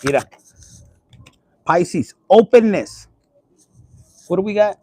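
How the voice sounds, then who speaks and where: A young man with a fairly high voice gives a relaxed, profane tarot reading. He drops Spanish words into his chatter. The sound is close and dry, with little room in it. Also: slow pace, pauses often, breathy edge, no echo. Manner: profane, blunt and chatty, mixing in Spanish phrases. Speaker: tarot reader. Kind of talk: casual tarot reading vlog.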